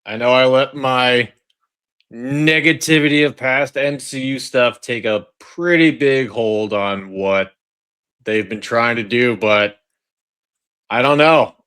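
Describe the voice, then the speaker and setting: Slow-talking man reacting to a trailer. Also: medium pitch, fairly bright tone, smooth. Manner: chatty, repeats phrases and restarts, addresses the audience as folks. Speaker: online video host. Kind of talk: casual trailer reaction commentary.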